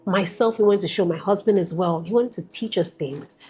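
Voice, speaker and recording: A woman sharing a personal faith testimony as a guest, telling it in an emphatic, lively way. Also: medium pitch, fairly quick, breathy edge, faint music behind.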